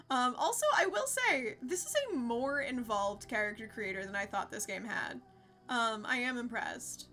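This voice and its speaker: Young woman streamer, casual chatter, fairly high bright voice, soft game music behind. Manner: chatty, laughs often, talks to chat. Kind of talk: casual live-stream chat.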